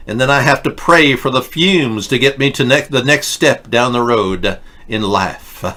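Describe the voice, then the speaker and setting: A man's voice: mid-range voice, measured pace, bright, forceful tone. A man hosting a satirical political show, delivering sarcastic, mocking, rambling rants. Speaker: host.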